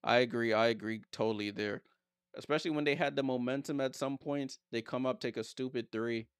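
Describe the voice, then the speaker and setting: A man's voice: mid-range voice, clean tone, no room sound, studio quality. A man streaming a casual live watchalong, calling plays and answering viewer comments with blunt, teasing remarks. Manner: reads viewer comments aloud and answers them.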